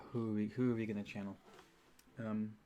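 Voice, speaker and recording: Male host, deep-ish even delivery, ponders out loud, relaxed livestream feel. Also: noisy background. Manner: musing, unhurried, thinking aloud. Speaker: channel host. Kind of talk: casual livestream chat.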